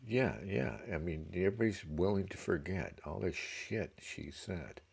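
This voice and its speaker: A man's voice: low voice, normal speed, gravelly, darkish tone, slight background noise. A man ranting sarcastically and with profanity in casual livestream commentary. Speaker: livestream co-host.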